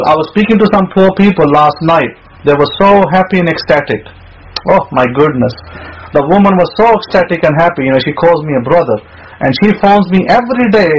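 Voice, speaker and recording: A man's voice: on the high side, slight background noise. A man preaching a sermon in an emphatic way, often repeating words and restarting phrases. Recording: muffled lo-fi audio.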